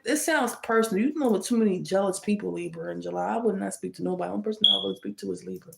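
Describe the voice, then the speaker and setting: Gravelly-voiced woman giving a tarot reading. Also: mid-range voice, fast talker, hardly any pauses, a little hiss or hum. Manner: emphatic, scolds with indignant rhetorical questions. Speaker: tarot reader. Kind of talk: casual tarot reading to camera. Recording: echoey room.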